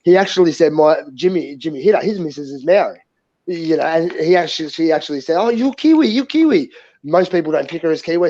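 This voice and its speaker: Fast-talking gravelly Australian man. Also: fairly high pitch, mellow. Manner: blunt and profane, tells stories with quoted dialogue. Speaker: co-host. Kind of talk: casual podcast banter. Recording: dull lo-fi audio.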